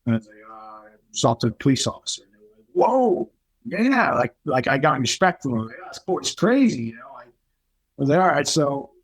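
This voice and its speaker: A man's voice: medium pitch, fast, breathy edge, dry recording, low-quality recording. Candid New man telling his story. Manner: candid, animated retelling with quoted voices. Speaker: podcast guest. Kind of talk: casual storytelling.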